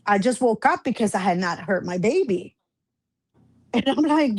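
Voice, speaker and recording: A woman guest telling a personal story in casual chat, animated, acting out the back-and-forth she describes. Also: mid-range voice, normal speed, pauses often, dry recording. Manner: animated, acts out quoted exchanges.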